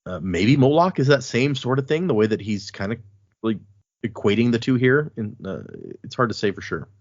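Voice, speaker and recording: A man hosting a casual podcast, reading passages from a book aloud and talking them over in a relaxed way. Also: mid-range voice, brisk, no room sound, dull audio. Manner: relaxed, with fillers and restarts.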